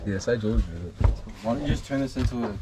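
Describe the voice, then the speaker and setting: A man's voice: medium pitch, animated, quick pace, a crowd in the background. A teenage boy vlogging with friends, brash and jokey, swearing freely. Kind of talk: casual banter with friends. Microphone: handheld action camera. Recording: noisy handheld camera audio.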